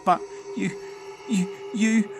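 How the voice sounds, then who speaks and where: A man's voice: medium pitch, sing-song, a little slow, over music, voice pushed up. Man doing a choked, wailing mum. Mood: shocked, dazed. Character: shocked, dazed mother.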